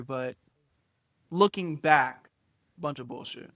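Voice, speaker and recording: A young man tells a personal story to the camera in a loose, profane, animated way. He acts out quotes and swings from quiet asides to loud bursts. His voice sits a little high, and the sound is dry and close. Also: measured pace, dry recording. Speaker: storytime YouTuber. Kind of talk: casual storytime monologue.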